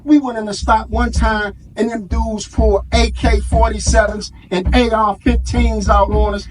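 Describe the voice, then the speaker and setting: A man's voice: high-pitched, little pitch movement, moderate pace, slight background noise. A man giving an impassioned speech to a live audience, preacherly, with call-and-response and street vernacular. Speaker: community organizer speaking at an event.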